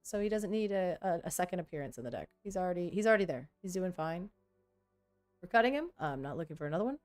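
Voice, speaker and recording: A woman's voice: lowish voice, sing-song, fast, a little mellow, faint music behind. A woman vlogger chatting casually and thinking aloud while she sorts trading cards, often poking fun at herself. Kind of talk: casual chat while working.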